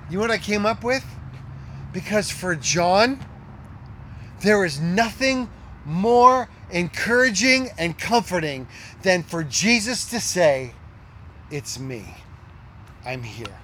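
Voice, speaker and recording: A middle-aged male pastor preaches in a notably high voice, slowly and with frequent pauses, over slight background noise. His intonation is lively and emphatic, he repeats key lines twice, and he sinks to a near hush for quoted words.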